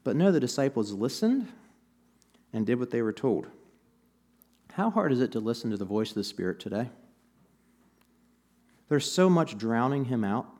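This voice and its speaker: A male pastor delivers a sermon in a relaxed, conversational voice at an ordinary middle pitch. He leans into anecdotes and light humor while talking to his congregation in a church. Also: moderate pace, pauses often.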